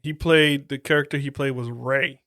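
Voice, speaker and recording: A man's voice: mid-range voice, steady tone, normal speed, a bit bright, dry recording, studio quality. A man hosting a podcast, reviewing horror movies in casual, profane, slang-filled chat. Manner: profane, slangy, laid-back. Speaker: podcast host.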